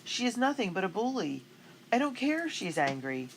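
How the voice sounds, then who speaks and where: A woman's voice: mid-range voice, very animated, a little fast, slight background noise, voice pushed up, rough recording. A woman voicing a bold, spirited young colonial girl in a storybook, speaking confidently and coolly. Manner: confident, cool.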